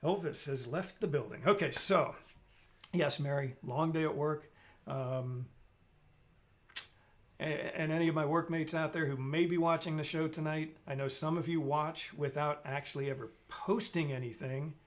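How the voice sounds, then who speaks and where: A man's voice: a little high, normal speed. A man hosting a casual live stream, rambling and joking while he reads out viewer comments.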